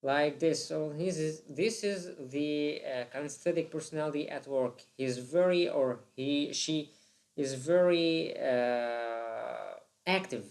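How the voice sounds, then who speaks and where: Slow, halting lesson voice. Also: medium pitch, a little mellow. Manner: halting, with frequent "uh" fillers; repeats and restarts phrases. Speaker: teacher. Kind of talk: explaining a lesson.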